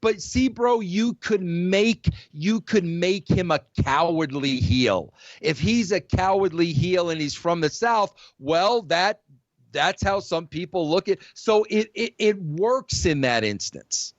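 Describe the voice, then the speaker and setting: A man's voice: high voice, animated, slow pace, no echo, lo-fi sound. A middle-aged man hosting a podcast who argues his point emphatically in a heated casual debate, calling the other man "bro" again and again. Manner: emphatic, says "bro" a lot. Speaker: podcast host.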